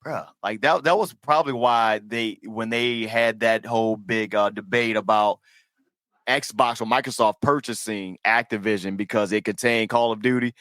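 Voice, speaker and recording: A middle-aged man hosting a podcast in casual chat, telling stories in an animated, profane way. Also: on the low side, normal speed, no room sound. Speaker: podcast host.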